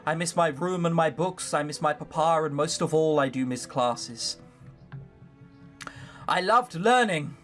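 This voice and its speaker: A player reading a visual novel aloud, voicing a gentle, soft-spoken girl who has lost her wealth. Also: mid-range voice, unhurried, pauses often, soft background music, close to an everyday voice. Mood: wistful. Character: gentle fallen rich schoolgirl.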